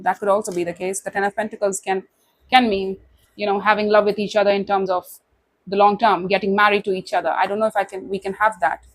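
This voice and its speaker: A woman's voice: medium pitch, little pitch movement, fast. Emotive woman giving a tarot reading. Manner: warm, emotive, speaks directly to the listener with many "you know"s. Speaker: tarot reader. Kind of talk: casual tarot reading to camera.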